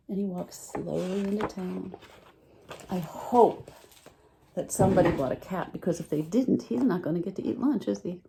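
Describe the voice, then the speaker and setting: A woman teacher reading a picture book aloud to children, animated and full of questions for her listeners. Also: lowish voice, moderate pace, gravelly. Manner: animated, asks listeners questions, lively voice swings.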